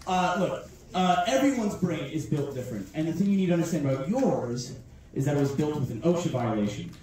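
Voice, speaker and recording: A man voicing a flat, patient male pediatrician on a distant, echoey club stage recording. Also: fairly high pitch, a little fast, lightly acted. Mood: dry. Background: audience noise.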